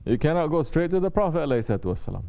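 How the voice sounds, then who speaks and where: A man's voice: fairly high pitch, big pitch swings, racing, dark tone. A man giving a spiritual talk to his students as their Sufi teacher. He repeats his points and often checks in with short questions to the room. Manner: repetitive, checks in with rhetorical questions.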